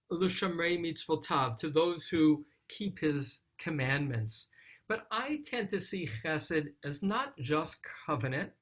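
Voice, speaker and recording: A rabbi gives a Psalm study talk, reciting Hebrew verses and then translating them in a thoughtful, explanatory way. His voice is medium-pitched and slightly rough.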